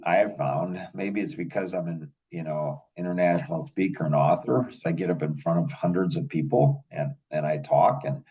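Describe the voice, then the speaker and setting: A man's voice: low-pitched, darkish tone, husky, distant mic, rough recording. An older man hosting a podcast, telling rambling anecdotes in casual chat and chuckling often. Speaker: podcast host.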